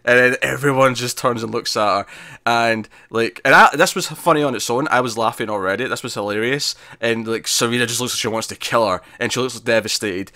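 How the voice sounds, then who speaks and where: Bright-voiced man recapping animatedly. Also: medium pitch, a little fast, dry recording, studio quality. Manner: animated, laughing recapper with many restarts. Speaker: podcast co-host reviewing a TV episode. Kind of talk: casual review chat.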